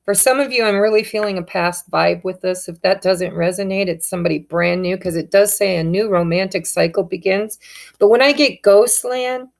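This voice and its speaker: A woman's voice: medium pitch, gravelly. A woman giving a casual tarot reading, speaking straight to her viewers in an upbeat, encouraging way. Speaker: tarot reader.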